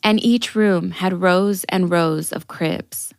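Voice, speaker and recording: A woman narrates a podcast story in a calm, scripted way. Her voice sits fairly low for a woman. A music score plays clearly beneath her. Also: slow, dry recording, studio quality.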